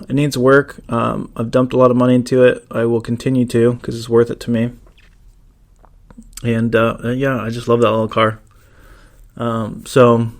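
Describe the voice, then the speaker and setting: A man with a mid-range voice hosts a casual solo podcast, delivering a rambling monologue full of fillers and restarts.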